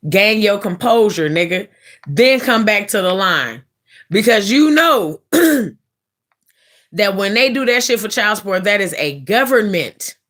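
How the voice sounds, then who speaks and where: A woman live streamer casually telling a story in a blunt, profane, animated way. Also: medium pitch, measured pace.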